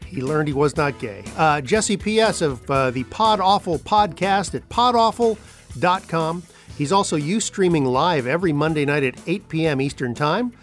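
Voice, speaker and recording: A male podcast host reading thank-yous and listener mail in a relaxed way, with many fillers. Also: fairly high pitch, normal speed, soft background music.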